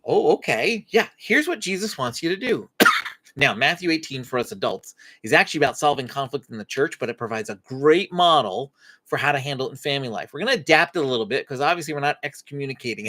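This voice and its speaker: A woman's voice: very deep voice, a bit bright. A woman hosting a faith-based parenting Q&A live stream, acting out short parent-child dialogues as she teaches.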